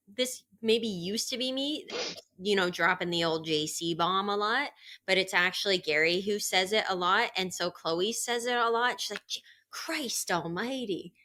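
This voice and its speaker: A woman in her thirties, a parent, co-hosts a casual podcast, laughing as she tells funny stories and acts out the quotes. Her medium-pitched voice is unhurried, pushed and bright.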